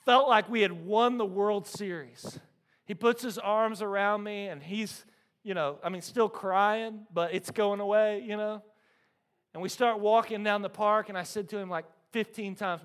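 High-voiced preaching man. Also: unhurried. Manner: animated storytelling, frequent "right?" to the congregation. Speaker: pastor. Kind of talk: sermon.

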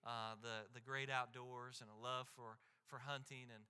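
A man's voice: mid-range voice, level tone, normal speed, bright, forceful tone, clean tone, big-room sound. A man preaching a sermon as a pastor, telling stories earnestly, often repeating and restarting words, and asking the crowd "right?".

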